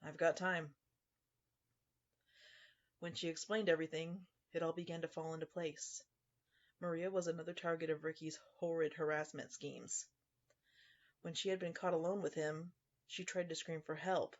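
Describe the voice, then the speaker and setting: A man's voice: fairly high pitch, flat delivery, normal speed, muffled recording. Male narrator telling a dry horror story. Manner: dry, sarcastic first-person storytelling.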